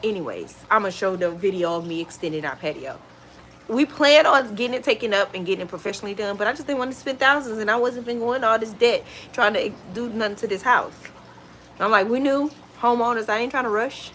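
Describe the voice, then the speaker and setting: A woman vlogger chatting casually at home, retelling stories in an animated, exclaiming way. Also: medium pitch, fast, slight background noise. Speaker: lifestyle vlogger. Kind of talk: casual storytelling chat.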